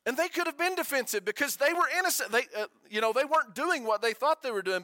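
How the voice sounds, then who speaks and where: A man preaching a sermon as pastor, conversational, asking the congregation questions and dropping to a quiet hush for emphasis. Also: extremely high pitch, animated, quick pace, no echo.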